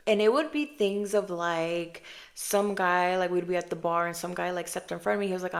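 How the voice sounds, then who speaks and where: A woman in her thirties hosting a casual podcast chat, telling stories with lots of filler and calling the listener babe and girl, sometimes dropping into a hushed voice for quotes. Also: mid-range voice, brisk, gravelly, hardly any pauses. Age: 30s. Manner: chatty, animated storytelling, calls listener babe and girl. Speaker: podcast host.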